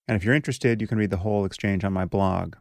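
Gravelly measured male podcast host. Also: on the low side, darkish tone, no room sound, clean studio sound. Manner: measured, deliberate and articulate. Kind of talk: solo podcast monologue.

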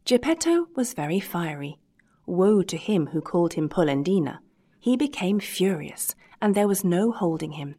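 A woman narrating a classic storybook chapter in a steady, measured reading voice. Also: fairly low pitch. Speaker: audiobook reader.

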